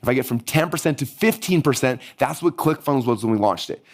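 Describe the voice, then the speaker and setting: A man teaching a live online marketing workshop, energetic and hyped-up, his voice going hoarse. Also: medium pitch. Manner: energetic, hyped-up, rapid-fire. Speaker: marketing course instructor.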